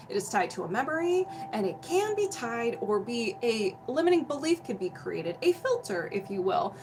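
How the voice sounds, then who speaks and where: Poor audio with a bit of hiss or hum captures a young woman whose voice is slightly high and slightly mellow. Hosting a casual home livestream on energy healing, she's full of chatter and laughter, welcomes viewers by name, and feels hot and sweaty as she explains.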